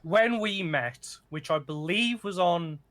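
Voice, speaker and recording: A middle-aged Englishman, appearing as a guest streamer on a casual podcast chat, jokes playfully about his own silly accents. His voice sits high with a fairly bright tone, and he takes it slowly.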